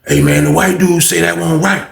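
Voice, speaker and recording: Dude doing a pushy go-between guy, gravelly, roomy echo. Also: fairly high pitch, steady tone, moderate pace, a crowd in the background. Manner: pushy, repetitive. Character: pushy adult male messenger, insistent.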